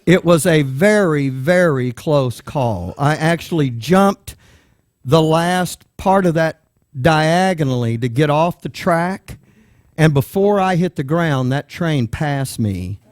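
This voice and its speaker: Man, preacher, animated storytelling, fairly high voice, dry close sound. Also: slow, no room sound. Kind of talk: sermon storytelling.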